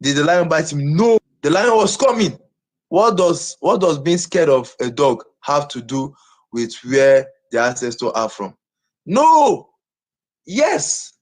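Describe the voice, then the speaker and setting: Husky-voiced boastful man. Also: a little high, very animated, slow. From Nigeria. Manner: boastful, repeats himself over and over. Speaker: live streamer. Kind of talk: live stream talk.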